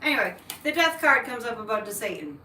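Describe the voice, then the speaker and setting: A woman's voice: a little high, big pitch swings, fast, sharp tone, distant mic, a little hiss or hum. A woman hosting a psychic livestream, chatting with viewers and launching into political rants. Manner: chatty, ranting political asides. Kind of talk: live-stream chat, reading comments. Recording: echoey room, mic set back.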